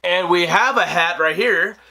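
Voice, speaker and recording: A man in his twenties hosting a casual movie review vlog, animated and joking, laughing often. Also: sits high, unhurried, vocal fry. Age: 20s. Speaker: host.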